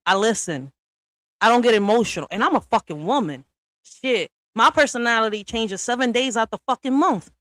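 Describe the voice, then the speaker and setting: A woman's voice: on the high side, expressive, normal speed, a bit bright, no echo. A woman hosting a livestream, delivering a blunt, profane, confrontational rant to her viewers. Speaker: livestream host. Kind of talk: ranting monologue to viewers.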